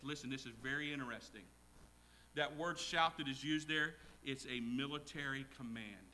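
Bright-voiced preacher, booming then hushed. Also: male voice. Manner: swings from quiet asides to loud shouted quotes. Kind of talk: sermon. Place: church with congregation.

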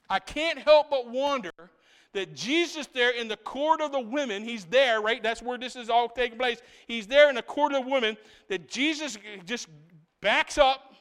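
Guy preaching in church, high smooth voice, goes big then drops way quiet, keeps saying "right?". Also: big-room sound. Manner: swings between loud, rising proclamation and hushed, intimate asides; keeps checking in with the congregation with a repeated "right?". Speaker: pastor. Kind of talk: sermon.

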